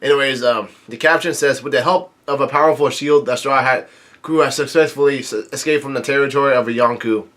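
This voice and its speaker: A man's voice: medium pitch, steady tone, fairly bright tone. Casual man reading manga aloud. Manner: halting, many fillers and restarts, reads quoted lines with lifted energy. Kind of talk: casual read-through commentary.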